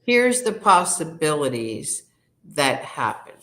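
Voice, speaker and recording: A woman in her fifties, a guest in an interview, telling candid personal stories in a frank, animated way with many fillers. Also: low voice, slow.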